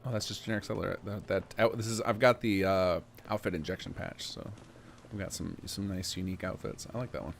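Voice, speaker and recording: A man streaming and commenting on a game he helped mod, chatty and quick to laugh, with rambling asides. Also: sits low, steady tone, creaky, slight background noise.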